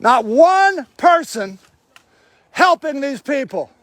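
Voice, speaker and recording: A man livestreaming from a homeless camp sweep, shouting angrily and confronting officials. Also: extremely high pitch, very animated, slow, no echo. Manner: shouting, furious, accusatory. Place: outdoor homeless camp in snow.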